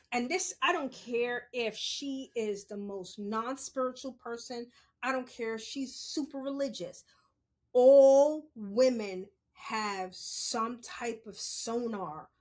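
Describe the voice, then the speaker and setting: A middle-aged woman talks straight into her podcast mic in a candid, unscripted monologue. Her voice sits fairly high, and she is blunt and freely profane. Now and then she bursts into loud, laughing reenactments. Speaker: podcast host.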